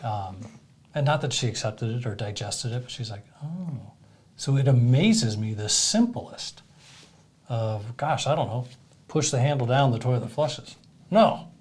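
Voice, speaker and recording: A man's voice: mid-range voice, moderate pace, darkish tone. A man co-hosting a casual podcast, speaking in a reflective, earnest way. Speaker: podcast co-host.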